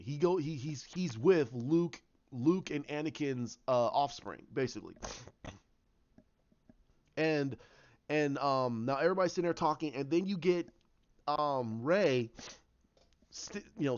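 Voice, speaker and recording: A fan commentator casually talks through a story idea, rambling with lots of restarts and acting out bits. His voice is a little high and a little mellow, and the audio is dull.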